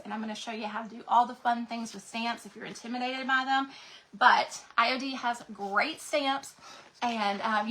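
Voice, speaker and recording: A woman's voice: fairly high pitch, sharp tone, a little hiss or hum, rough recording. A woman hosting a craft livestream, chatting and gushing to viewers, her voice cracking from a sinus infection. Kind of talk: casual livestream chat to viewers.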